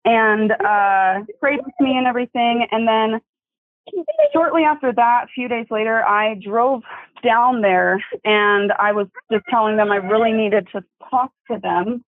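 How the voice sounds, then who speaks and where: Young woman guest, slightly high voice, emotional and halting, heard down a tinny phone line. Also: dry recording. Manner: tearful, apologetic, halting, laughs often while soothing her baby. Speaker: guest telling her testimony. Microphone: phone call.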